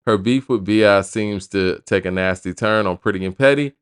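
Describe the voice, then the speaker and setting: A man's voice: lowish voice, moderate pace, clear, resonant tone, dry recording, studio quality. A man hosting a hip hop news show, reading an album review aloud and breaking off into casual asides.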